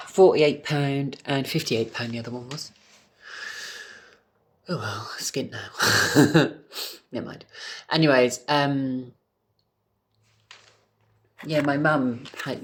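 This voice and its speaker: A man's voice: mid-range voice, unhurried. Camp, chatty British man vlogging. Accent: British English. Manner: camp and chatty, swears freely, animated. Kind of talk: casual vlog chat to camera. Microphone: phone camera.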